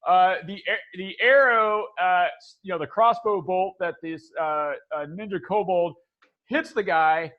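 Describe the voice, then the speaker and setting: Guy dm-ing a dnd game, kinda high voice, keeps restarting sentences and laughing. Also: a little slow, narrow, tinny audio. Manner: rambling, restarts often, laughs a lot. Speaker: dungeon master. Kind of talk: running a tabletop game.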